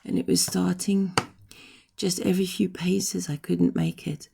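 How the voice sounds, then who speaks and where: A middle-aged woman recovering from illness, talking casually to camera, hoarse and short of breath, rambling and apologetic. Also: on the low side, little pitch movement, a little slow, background noise. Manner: rambling, apologetic, frequent ums.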